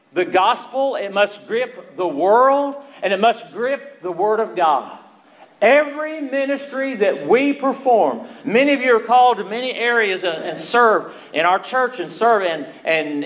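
A man with a high voice delivers a sermon to his congregation. He reads scripture aloud, stresses key words hard, and often restarts his sentences. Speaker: pastor.

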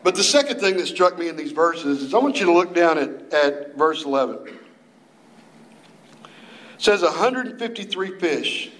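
Speaking at a moderate pace with frequent pauses, a youth minister preaches in an animated, folksy way, dropping into playful voices mid-story. His slightly high voice echoes around a large room.

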